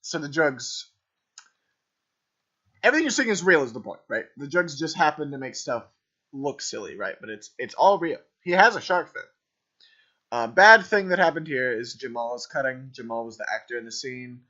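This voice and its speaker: Rambling man with a bright, lo-fi voice. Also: medium pitch, normal speed. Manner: rambling, filler-heavy, keeps asking "right?". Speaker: improv troupe coach reviewing a scene. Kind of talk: casual commentary over video. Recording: dull lo-fi voice recording.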